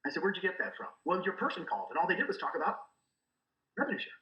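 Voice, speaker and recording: Animated, bright-voiced man coaching fast. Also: sits high, echoey room, lo-fi sound. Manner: animated, acts out quoted dialogue. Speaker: guest, real estate recruiter. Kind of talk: energetic coaching talk.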